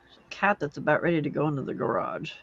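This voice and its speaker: A woman's voice: sits low, very animated, fast, creaky, fairly bright tone, slightly rough, highs cut off. A woman hosting a late-night crafting livestream from home, chatting casually, laughing often and scolding her cats. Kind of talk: casual chat while crafting.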